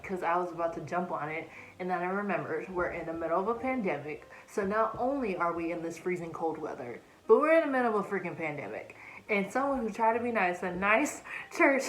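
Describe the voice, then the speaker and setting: A woman's voice: on the low side, reverberant, a little hiss or hum, rough recording. A young woman in a casual storytelling vlog, chatting animatedly and acting out quoted asides, recorded on a phone. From United States. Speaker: vlogger. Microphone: phone camera.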